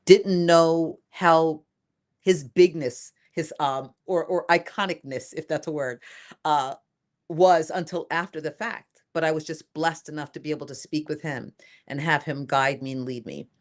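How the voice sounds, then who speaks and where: An older woman being interviewed as a guest, talking in a lively, emphatic way and repeating phrases for emphasis. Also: low-pitched, measured pace. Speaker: inventor and guest. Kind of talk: casual interview.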